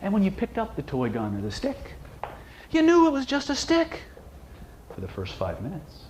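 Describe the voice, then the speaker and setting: A man's voice: high-pitched, wildly swooping pitch, normal speed, darkish tone, a little hiss or hum. A man giving a live seminar talk, joking with and quizzing the audience. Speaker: seminar presenter, hypnosis trainer.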